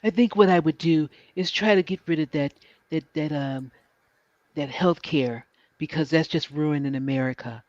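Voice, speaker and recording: A man putting on a boastful evasive ex-president, higher-pitched, dry sound, muffled lo-fi audio. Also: normal speed, a little mellow, no room sound, lightly acted. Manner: smug, rambling, dodges questions. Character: boastful evasive male ex-president, middle-aged. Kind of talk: comedic political impression on a livestream. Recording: dry, dull lo-fi stream audio.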